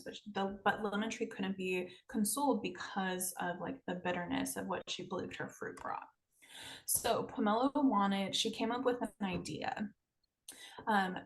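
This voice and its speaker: A woman hosting a podcast, telling a folktale in a relaxed, casual way with frequent hesitations. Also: medium pitch. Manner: relaxed, hesitant, with many ums. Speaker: podcast host. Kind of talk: storytelling in casual chat.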